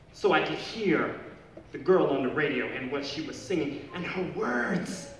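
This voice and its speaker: Animated man speaking in an echoey hall. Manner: playful and animated, rising high for emphasis. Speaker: speaker addressing students. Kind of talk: humorous speech to a school audience. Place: large hall or gym. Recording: echoey hall from far off with room noise.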